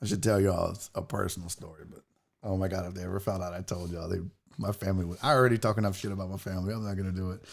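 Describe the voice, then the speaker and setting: A man's voice: sits low, steady tone, rapid-fire, gravelly. A man hosting a casual live show, rambling profanely and reading viewer comments aloud. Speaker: host.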